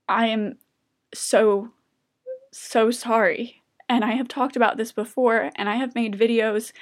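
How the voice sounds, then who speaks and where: A young woman vlogger telling a personal story to camera in an earnest, open way, often breaking off and restarting, and growing emotional as she talks. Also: on the high side. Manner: earnest, halting, with many restarts; openly emotional. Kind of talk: personal confessional talk to camera.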